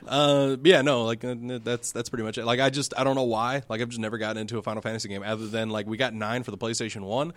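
A man of middle pitch talks games in a loose, rambling way with a dry wit. His voice sits close to the mic in a dry, dead space. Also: fast talker, hardly any pauses, no echo. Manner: relaxed and wry, with filler-heavy rambling. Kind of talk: casual chat about video games.

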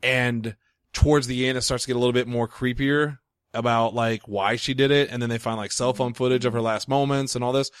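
A man's voice: medium pitch, steady tone, brisk, clean tone, dry recording, studio quality. A man hosting a casual group chat, eagerly rattling off titles to his friends. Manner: enthusiastic, rattles off movie titles.

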